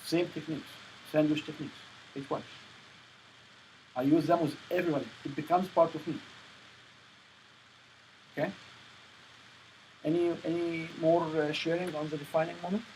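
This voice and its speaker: A man's voice: a little high, fairly even intonation, moderate pace, long pauses, darkish tone, slight background noise, poor audio. A man coaching a sales presentation workshop, firm and emphatic as he lectures.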